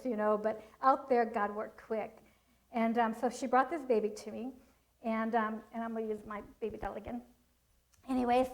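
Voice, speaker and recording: A middle-aged woman telling lively stories about training children to a church audience, laughing often and acting out what people said. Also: on the high side, poor audio. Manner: animated storytelling, laughs often, acts out quotes. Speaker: Christian child-training speaker. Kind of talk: storytelling talk to a church audience.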